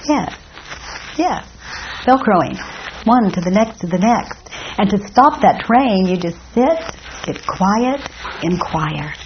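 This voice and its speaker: A woman leads a participant through self-inquiry, asking questions in a calm, deliberate way. Her voice sits at a middle pitch. The sound is dull and lo-fi, with a faint hiss. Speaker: workshop facilitator. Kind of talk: guided self-inquiry dialogue.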